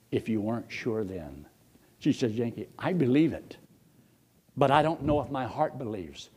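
An older man, preaching a folksy storytelling sermon, his husky voice leaping high when excited and dropping low to quote others.

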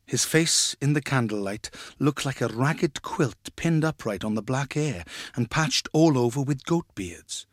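A man's voice: mid-range voice, no room sound. Man reading a story in a dry voice. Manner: measured, expressive storytelling. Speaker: narrator.

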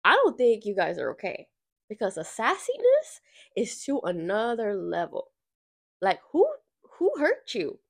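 A woman's voice: medium pitch, a little slow, vocal fry. A woman hosting a podcast, telling a workplace story in a casual rant. She is sassy and profane, and she acts out the people she quotes. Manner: lively storytelling with acted-out quotes. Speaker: podcast host. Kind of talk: casual ranting monologue.

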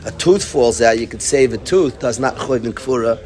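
A man teaching an informal Talmud class, telling stories with lively energy and peppering his talk with yeshiva terms. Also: mid-range voice, normal speed, a crowd in the background. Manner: animated storytelling, breaks into laughter and acts out his study partner; sprinkles Yiddish and Hebrew yeshiva terms.

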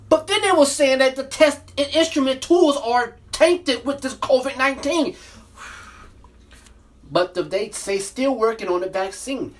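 A woman's voice: fairly high pitch, a bit bright. A woman hosting a podcast, ranting about politics in a heated, repetitive, preachy way, full of rhetorical questions. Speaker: podcast host. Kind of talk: ranting political commentary monologue.

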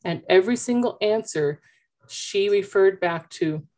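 A woman coach talking with parents in an animated, chatty storytelling way, through a headphone mic. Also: medium pitch, measured pace. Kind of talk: consultation with parents.

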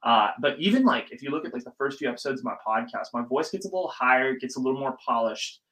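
A young man hosting a casual solo podcast, talking in an animated, ranting way and swearing freely. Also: medium pitch, fast talker, rough recording. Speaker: podcast host.

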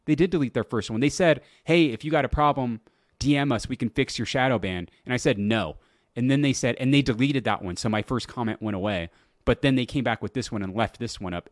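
Alone on his podcast, a middle-aged host with a medium-pitched, animated voice tells a story in a casual, incredulous way, swearing and laughing at it himself. He speaks at a normal speed into a close podcast mic, and the studio sound is clean with no room sound.

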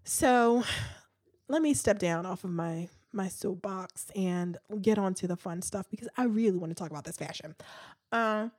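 A woman's voice: medium pitch, moderate pace, a little mellow, no echo, clean studio sound. A woman hosting a casual, opinionated chat, full of fillers and restarts. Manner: chatty, frequent fillers and restarts.

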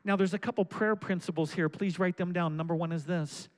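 High-voiced preacher man building to shouts. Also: steady tone, fairly quick, rough recording. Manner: preaching with rising, shouted exhortations; reads scripture aloud, then comments. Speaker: pastor. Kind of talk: sermon.

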